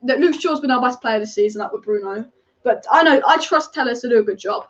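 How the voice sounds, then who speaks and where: Fast-talking high-voiced woman football fan. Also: highs cut off. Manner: chatty, opinionated, rapid-fire. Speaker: football fan channel host. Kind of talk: live match watch-along commentary.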